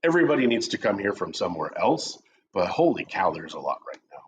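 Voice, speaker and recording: Deep-voiced, sing-song and fast, a middle-aged man co-hosting a real estate coffee chat jokes around and tells animated stories. The recording is dull lo-fi stream audio with a noisy background.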